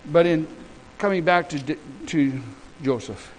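High-voiced man preaching with fervor. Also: slow, a little hiss or hum, low-quality recording. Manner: impassioned preaching with repeated declarations. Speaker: pastor. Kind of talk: sermon.

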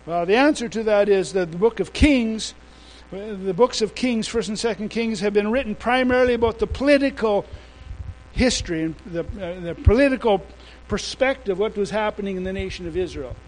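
High-voiced man preaching a casual sermon. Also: low-quality recording. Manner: informal storytelling with casual slang; halting, with many restarts.

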